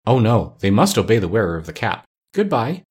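A man reading aloud and voicing a kindly little female mouse queen with a squeaky voice. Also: very animated, fairly quick, breathy edge.

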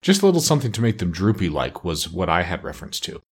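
A chatty, uneducated meat seller who talks in a rough, homely way, played by a man. His voice is husky and rides up and down with eager persuasion, a storybook tradesman. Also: low voice, huge pitch swings, quick pace, heavily acted. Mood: pushy. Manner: rough, colloquial speech.

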